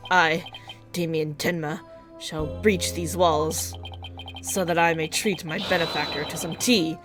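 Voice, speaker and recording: A woman's voice: sits low, steady tone, a little slow, music in the background. A woman voicing a pompous, grandiose older male mayor in a game, reading his lines with theatrical, overly courteous declarations. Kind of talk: reading game dialogue aloud.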